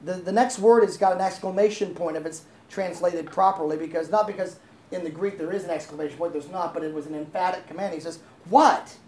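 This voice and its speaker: A woman's voice: on the low side, steady tone, fast talker, mellow, a little hiss or hum. Woman pastor, casual sermon voice, roomy hall echo with faint ambience. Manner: conversational, asks the congregation questions, laughs easily.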